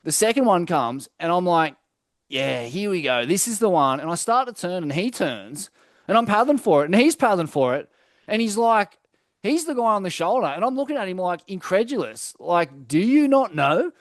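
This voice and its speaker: A man's voice: high voice, no echo, studio quality. A young Australian man co-hosting a casual podcast, telling stories loosely with plenty of swearing and fillers. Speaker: podcast co-host. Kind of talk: casual chat.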